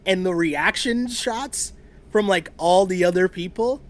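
A podcast co-host in his thirties rambles through a theory about a reality show, laughing often in the casual chat. His voice sits high and moves at a measured pace.

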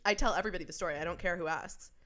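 Podcast co-host, woman, 20s, low-ish voice, crude and animated storyteller. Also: very fast. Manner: profane, animated storytelling with laughter. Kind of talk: casual chat.

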